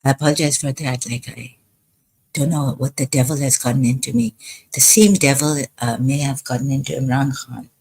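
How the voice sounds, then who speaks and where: A woman talking in a rambling livestream monologue, hesitant and halting, pausing often. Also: rumbling low, darkish tone. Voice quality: husky. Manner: halting, hesitant, full of pauses. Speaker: live streamer.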